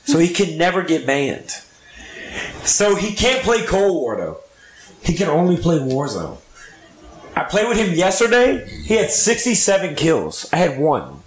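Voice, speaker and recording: A man with a high, lively voice recounts game stories with insistent energy. His voice rings out in an echoey room. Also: a little slow. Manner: storytelling, insistent. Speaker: gamer friend. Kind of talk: casual chat.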